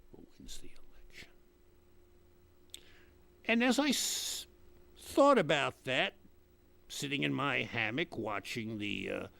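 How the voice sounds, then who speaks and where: A man's voice: on the high side, gravelly, pitched below the performer's own voice, heavily acted. A man playing a pompous older retired politician who rambles and mocks the voices of others in a comic monologue. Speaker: comic character host.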